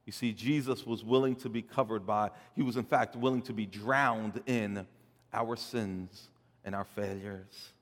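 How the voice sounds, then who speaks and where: A man preaching a sermon, swelling loud and dropping soft, often repeating words as he builds a point. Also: on the low side, steady tone, measured pace, in a large hall. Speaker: pastor.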